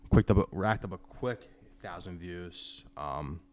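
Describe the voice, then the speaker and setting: A young adult man hosts a podcast from a room at home, talking into a studio microphone about sports in a loose, rambling, jokey way. His voice is deep and slow, and crowd noise can be heard.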